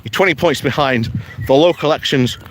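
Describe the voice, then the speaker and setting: Out on a morning walk in the countryside, a man with a fairly high, brisk voice offers casual political commentary on a live stream. He chats easily, chuckles often, and reads out viewer comments, with slight background noise audible.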